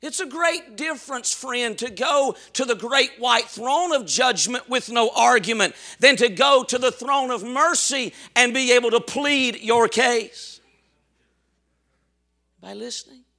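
A man preaching a sermon in a strikingly high register. His tone is piercingly bright. He shouts his points, then falls suddenly soft. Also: a little slow. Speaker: pastor.

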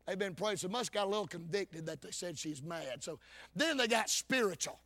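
A man preaches a sermon. His voice sits very high and sounds bright and forceful. He preaches in a fervent, folksy way, swinging between loud calls and low asides. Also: expressive, normal speed. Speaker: Baptist preacher.

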